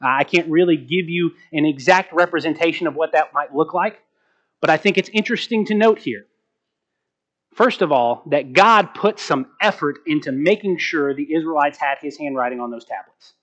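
A man preaching a sermon as pastor, slowing down to stress key words and asking rhetorical questions. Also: a little high, a bit bright. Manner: asks the congregation rhetorical questions.

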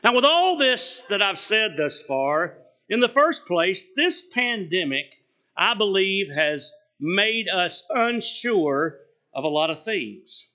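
Male pastor, middle-aged, slow deliberate sermon, high-pitched, emphatic, rhetorical questions. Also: very animated, bright, forceful tone. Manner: emphatic preaching, drawn-out phrase endings, rhetorical questions.

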